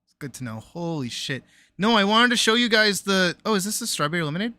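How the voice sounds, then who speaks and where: A woman streamer chatting casually on a live stream, reacting loudly with exclamations, swearing and laughter. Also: mid-range voice, sing-song, quick pace, dry recording. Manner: loud, exclamatory, swears freely, laughs often.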